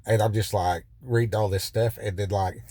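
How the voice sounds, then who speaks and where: A man's voice: on the low side, fairly even intonation, moderate pace, dark tone, no room sound. A man telling a raw personal story from his car, swearing freely and circling back with many fillers and restarts. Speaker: vlogger sharing a personal testimony. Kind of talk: rambling first-person storytelling. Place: in a car by the roadside.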